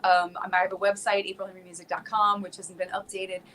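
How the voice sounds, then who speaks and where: A woman's voice: medium pitch, level tone, fast talker, a bit bright, slight background noise, low-quality recording. A woman from South Florida, a singer and instructor, talking animatedly and playfully as a guest in a casual interview.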